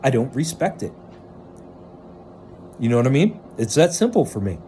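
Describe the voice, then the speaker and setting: A man in an unscripted vlog monologue, ranting with lots of swearing and swinging between loud outbursts and hushed stretches. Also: medium pitch, sing-song, normal speed, slight background noise. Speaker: vlogger.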